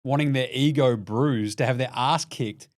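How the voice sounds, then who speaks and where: A man with an Australian accent hosting a sports podcast, chatting casually and fast, with frequent laughs. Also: medium pitch. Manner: lively, fast-talking, laughs often. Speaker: podcast host.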